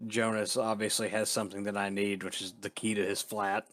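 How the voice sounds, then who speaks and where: A man's voice: lowish voice, little pitch movement, a little fast, fairly bright tone. A man playing in a tabletop game, eagerly announcing what his character does. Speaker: player. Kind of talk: casual play over voice chat.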